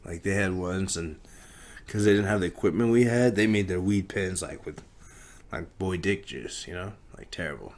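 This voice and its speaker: A man's voice: low voice, moderate pace, a little mellow. A man hosting a casual solo podcast, rambling in a profane, laid-back way. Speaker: podcast host.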